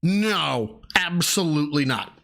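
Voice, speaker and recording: A man's voice: a little high, lively intonation, slow pace, creaky, fairly bright tone. A man hosting a stream, reacting to a video with profane, mocking commentary. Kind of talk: casual commentary.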